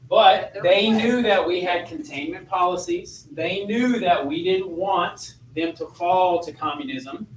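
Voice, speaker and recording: A man's voice: high voice, unhurried, hardly any pauses, slight background noise. A man teaching a history class in a chatty lecture style, asking his students questions as he goes. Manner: conversational, asks students questions. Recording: echoey classroom, voice from far off.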